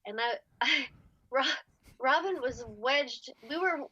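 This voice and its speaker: High, bright-voiced woman telling a story. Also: takes it slowly, breathy edge, no echo. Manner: animated, laughs often while telling stories. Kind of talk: casual storytelling chat. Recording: slightly dull, dry podcast audio.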